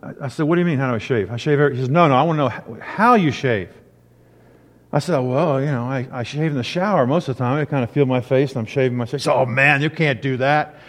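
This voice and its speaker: A middle-aged man preaching a sermon, animated, acting out the people he quotes. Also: mid-range voice, fast talker. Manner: animated storyteller, acts out quotes. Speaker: pastor. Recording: long reverb of a hall.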